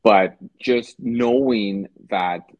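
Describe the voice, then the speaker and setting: A South African man, appearing as a podcast guest, talks casually in loose slang with many restarts and fillers. His voice is fairly low and extremely slow, and the audio is tinny, phone-like call sound with no room sound.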